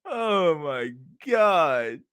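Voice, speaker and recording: A man's voice: on the high side, big pitch swings, drawn-out words, a bit bright, slight background noise. A man streaming casual reaction commentary on videos, with crude slang, frequent laughter, and a habit of calling his viewers dog and bro.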